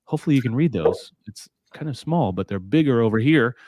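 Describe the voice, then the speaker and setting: A man's voice: medium pitch, expressive, a little fast, hardly any pauses, a little mellow, no room sound, clean studio sound. A man hosting a casual roundtable show, talking bluntly and swearing now and then. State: out of breath. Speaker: podcast host.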